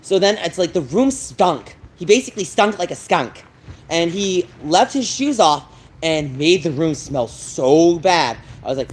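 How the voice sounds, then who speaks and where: A man's voice: fairly high pitch, very animated, normal speed, slight background noise, poor audio. A man livestreaming to his viewers, telling an agitated, rambling story and repeating himself as he vents. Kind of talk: livestream chat, ranting to viewers.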